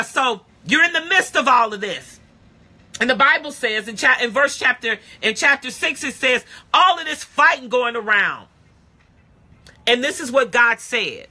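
A woman's voice: on the high side, pushed and bright, breathy edge. A woman pastor giving a live-streamed sermon, blunt and colloquial, repeating phrases in rhythm and often bursting into emphatic exclamations. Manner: blunt and colloquial, speaks directly to listeners. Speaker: pastor and prophetic teacher.

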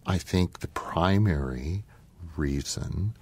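A man co-hosting a Christian talk show, thoughtful and often pausing with ums as he draws on Scripture. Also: low voice, animated, darkish tone, husky. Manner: thoughtful, pauses with many ums, quotes Scripture. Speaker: co-host.

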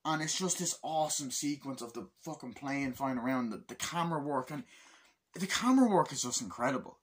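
A young man giving a casual film review, excitable and full of swearing as he retells scenes. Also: mid-range voice, fairly quick, husky. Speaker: movie reviewer.

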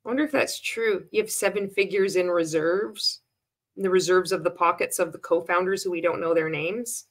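A woman's voice: lowish voice, steady tone, normal speed. A woman delivering sarcastic commentary on a clip she is watching. Her talk is blunt and full of swearing. She breaks into laughter between remarks. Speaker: commentator reacting to a sales pitch. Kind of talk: casual commentary.

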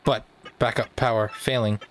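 A man's voice: mid-range voice, fairly even intonation, normal speed, slight background noise, close to an everyday voice. A man voicing a polite, failing male computer of a fortress in a video game, with stiff, formal phrasing. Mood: formal, pleading.

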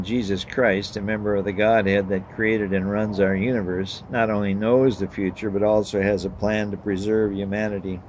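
Earnest male preacher, emphatic delivery, fairly low voice, faint background noise. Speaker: pastor. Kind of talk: sermon with story reading.

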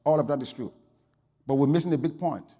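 A pastor preaching a sermon, telling a story that swings from quiet asides to loud exclamations. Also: male voice, on the high side, fairly quick, long reverb tail.

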